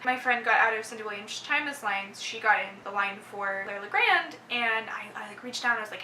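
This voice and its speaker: A woman's voice: a little high, expressive, fairly quick, hardly any pauses, sharp tone, echoey room, recorded from a distance, a little hiss or hum, low-quality recording. A young woman with a Texan accent telling a gushing, casual story about her day, full of "like" and little laughs. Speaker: book vlogger.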